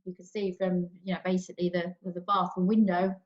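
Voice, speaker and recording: East woman, panel guest, level, unhurried and reflective, slightly muffled line. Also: lowish voice, flat delivery. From east London. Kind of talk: casual panel discussion. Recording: dull lo-fi sound.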